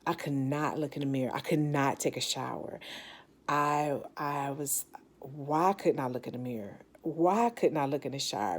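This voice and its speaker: A woman's voice: a bass voice, normal speed. A woman telling her own story as a cancer survivor, reflective and candid, often restarting her sentences. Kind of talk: personal storytelling.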